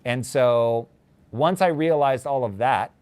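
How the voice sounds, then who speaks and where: A man's voice: mid-range voice, slow, a little mellow. A man in his forties hosting a casual livestream, talking candidly and reflectively about his marriage. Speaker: host.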